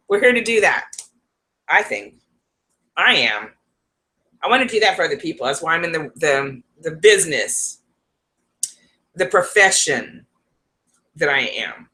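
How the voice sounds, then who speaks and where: A woman's voice: fairly low pitch, bright, forceful tone. A woman hosting a casual live stream from home, chatty and laughing often between restarts. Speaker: psychic livestream host.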